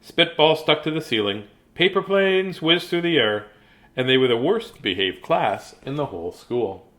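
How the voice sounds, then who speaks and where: Lively, chatty man in his fifties. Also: fairly high pitch, moderate pace. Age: 50s. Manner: chatty, jokey, digressive. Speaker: children's book reader. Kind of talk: casual live read-aloud.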